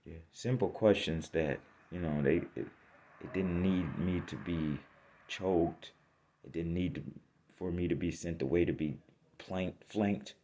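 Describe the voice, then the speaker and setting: A man telling a personal story in a vlog, blunt and profane, swinging from loud emphasis to shaken, subdued talk. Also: low voice, measured pace, slight background noise.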